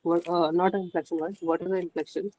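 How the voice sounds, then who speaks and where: A man's voice: high-pitched, flat delivery, fast, warm tone, dry recording, rough recording. A male student hesitantly asking questions in an online class, politely addressing the teacher. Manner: hesitant, polite, says ma'am often.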